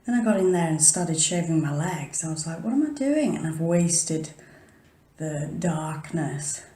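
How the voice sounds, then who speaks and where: A paranormal vlogger chats casually to her camera at home early in the morning, her deep, dark voice fairly even and a little slow. She rambles, frequently drops to a whisper and interrupts herself, and the room echoes.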